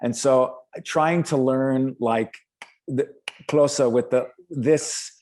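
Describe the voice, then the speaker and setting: A man's voice: medium pitch, steady tone, slow pace, a little mellow. A man, an actor, chatting as a guest in an interview and telling anecdotes with lots of fillers and restarts. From United States. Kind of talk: casual interview chat.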